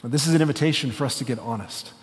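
A man's voice: medium pitch, very fast, in a large hall. A man preaching an earnest, conversational sermon with some fillers and restarts. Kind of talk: sermon with a story read aloud.

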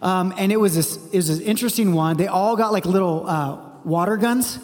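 A man's voice: sits high, brisk, big-room sound. A man in his forties, a pastor giving a conversational sermon full of rhetorical questions.

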